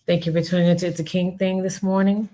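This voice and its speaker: A woman's voice: on the low side, little pitch movement, fast, mellow. A woman hosting her own podcast alone, talking earnestly and pleading with her listeners, often repeating her pleas. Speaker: podcast host. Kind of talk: heartfelt solo podcast talk.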